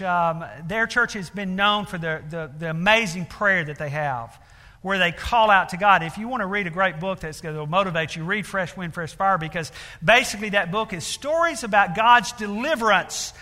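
A man with a high-sitting, bright, forceful voice preaches a sermon, telling a story earnestly with lots of fillers before building to emphatic appeals. The long reverb of a large hall surrounds him.

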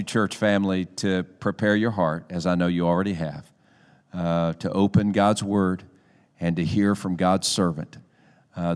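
A pastor speaks earnestly to his congregation, with a smooth, resonant voice at an everyday pitch for a man. His words ring out with a long reverb across a church hall. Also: a little mellow. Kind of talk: sermon introduction. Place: church sanctuary.

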